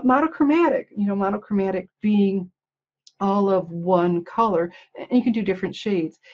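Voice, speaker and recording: A stamping demonstrator chats casually on a livestream, showing off handmade swap cards and gushing over them with frequent little laughs. Her voice is mid-range and darkish, and the highs are cut off.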